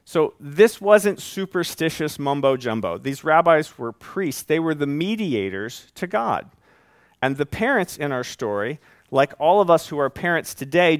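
A man preaching a sermon as pastor, conversational and animated, with folksy asides. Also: a little high, moderate pace, no room sound, clean studio sound.

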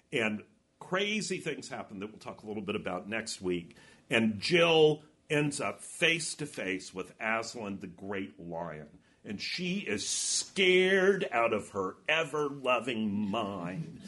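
A man's voice: on the low side, a bit bright. A man leading a Bible study, reading a novel aloud and reflecting on it. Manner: reflective, reads passages then comments.

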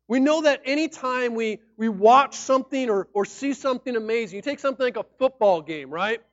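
A man preaching a sermon in an animated, conversational way, sometimes acting out people's reactions. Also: extremely high pitch, brisk, dry recording. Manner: animated, acts out shouting fans and mock-formal speech. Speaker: pastor. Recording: dry, dull lo-fi sound.

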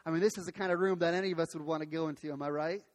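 Animated pastor preaching in a reverberant hall. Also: male voice, on the high side, rapid-fire. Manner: animated storytelling with many restarts. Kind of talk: sermon.

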